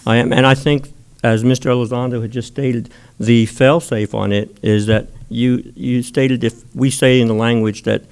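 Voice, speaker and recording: A man on a school board, making and rewording a motion at a meeting, with halting restarts. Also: mid-range voice, flat delivery, clean tone.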